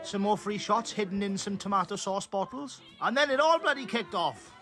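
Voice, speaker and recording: Welsh man, comic ranter, high-pitched, exasperated and sweary. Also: moderate pace, sharp tone, soft background music. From Wales. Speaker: comedy video creator. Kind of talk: comic rant to camera.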